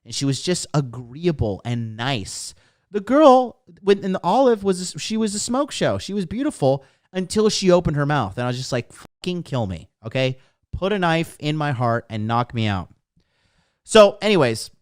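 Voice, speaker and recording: A man's voice: on the high side, no echo, clean studio sound. A young man hosting a casual livestream as a dating coach, brash and profane as he lectures and reads comments.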